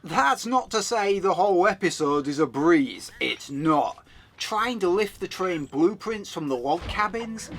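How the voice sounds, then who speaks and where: A man narrating a video game review in a scripted voice-over, with wry, chatty asides. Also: high voice. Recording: voice-over with faint game music.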